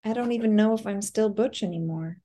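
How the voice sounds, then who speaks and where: A woman's voice: medium pitch, a little fast, warm tone, voice pushed up, close to an everyday voice. A woman reading the lines of a butch character who speaks hesitantly and self-consciously. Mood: uncertain. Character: butch first-person narrator, unsure and lonely.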